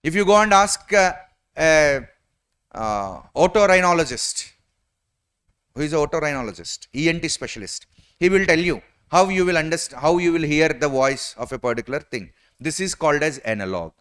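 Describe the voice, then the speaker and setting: A man's voice: on the high side, lively intonation, moderate pace, a bit bright, smooth. A man with an Indian English accent giving an exam-prep lecture, often asking rhetorical questions and repeating his points.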